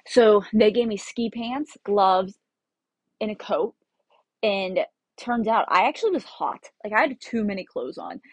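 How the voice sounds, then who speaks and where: A woman's voice: medium pitch, darkish tone, breathy edge, no echo. Chatty young woman telling a travel story. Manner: chatty, laughs often, acts out her own quotes. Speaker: travel vlogger.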